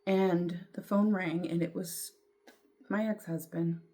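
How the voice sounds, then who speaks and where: Low-voiced middle-aged woman vlogging. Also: fairly even intonation, slow pace, warm tone. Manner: candid, rambling, with throat clearing and fillers. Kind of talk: casual storytelling to camera.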